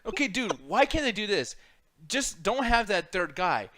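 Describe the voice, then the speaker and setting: A man co-hosting a wrestling reaction show in animated, profane chat, often mimicking commentators in mock voices. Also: high voice, normal speed, a crowd in the background. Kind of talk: casual chat.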